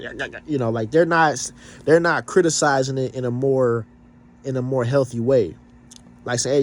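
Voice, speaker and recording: A man rants to his audience in a blunt, profane, emphatic way. His voice sits at an ordinary middle pitch, and he sounds a little stuffed up. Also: moderate pace, a little hiss or hum. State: slightly stuffed up. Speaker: vlogger. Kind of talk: casual rant to camera.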